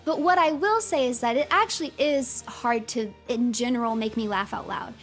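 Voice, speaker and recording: A fairly high-voiced woman gives excitable livestream commentary, gushing and laughing as she talks, with plenty of "like" and "um". Soft music plays quietly behind her. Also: moderate pace. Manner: excitable and gushing, laughs often, many fillers. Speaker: streamer.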